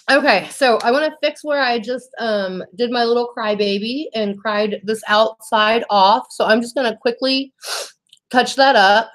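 A young woman with a medium-pitched voice hosts a casual makeup livestream, reading viewer comments aloud. She sounds warm and emotional, teary and laughing by turns, and says "y'all."

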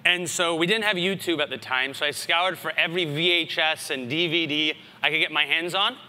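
A man in his thirties tells anecdotes from the stage of a big conference hall, and the voice rings back with a long reverb. His tone is very bright and forceful, a bit high for a man, and he keeps the talk lively with asides to the crowd. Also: brisk. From United States. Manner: animated anecdotal storytelling with asides. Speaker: conference speaker. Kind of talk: storytelling keynote talk.

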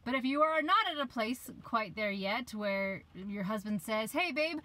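A woman's voice: medium pitch, unhurried, sharp tone, rough recording. Woman in her 30s vlogging life tips from her parked van, chatty, kinda loses her train of thought. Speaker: life coach. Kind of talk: casual advice vlog. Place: parked van, rain outside.

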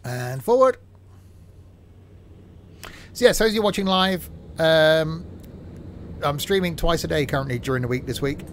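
A man's voice: a little high, brisk, fairly bright tone. A man streaming a game, chatting casually and joking while narrating his own driving. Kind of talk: casual gameplay commentary. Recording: game vehicle noise in background.

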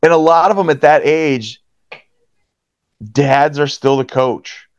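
A hockey referee from the Pittsburgh area, USA, chats casually in an interview, telling animated stories and acting out players' quotes with big jumps in pitch. He speaks slowly with a clean tone, on dry, slightly dull podcast audio.

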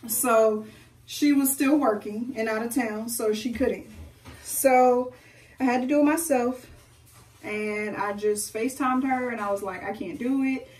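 A young woman vlogs from home, telling a story to her viewers in a lively, chatty way. Her voice sits fairly high and comes from a little way off the mic. The room is echoey, and a faint hum runs underneath. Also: unhurried, distant mic. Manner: chatty, animated, addresses viewers directly. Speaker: beauty vlogger. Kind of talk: casual storytime chat during a hair tutorial.

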